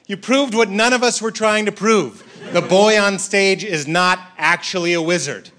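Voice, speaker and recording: A male stand-up comedian performing a set on a club stage, animated, acting out voices and shouting punchlines. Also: high-pitched, moderate pace. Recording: live club recording with crowd laughter and noise. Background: audience laughing.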